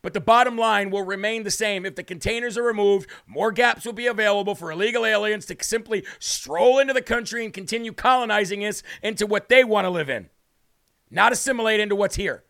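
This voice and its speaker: A man's voice: sits high, a little fast, a bit bright. A man hosting a live political commentary show, emphatic and sarcastic, firing rhetorical questions at viewers. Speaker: host.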